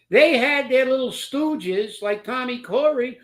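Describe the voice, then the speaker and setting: A man's voice: extremely high pitch, animated, a little slow, fairly bright tone. A man hosting a political commentary show, talking in a sarcastic, mocking way and laughing as he makes his points.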